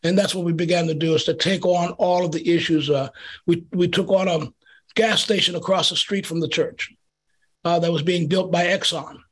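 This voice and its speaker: A man with a high, husky voice tells a community story with lively energy. He is a middle-aged pastor speaking in an interview, and he acts out the quotes as he goes. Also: normal speed.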